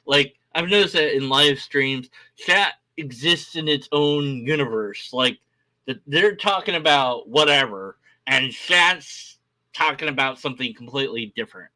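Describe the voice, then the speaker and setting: A man's voice: fairly high pitch, bright, forceful tone. A man on a live stream, ranting in a casual, rambling way, exasperated and mocking. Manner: exasperated, restless, mocking with blah-blah mimicry.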